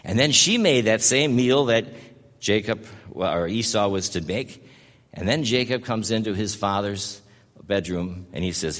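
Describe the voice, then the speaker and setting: Folksy pastor in a reverberant church. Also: male voice, lowish voice, animated, unhurried, fairly bright tone. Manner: folksy storytelling, addresses congregation by name. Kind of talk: sermon.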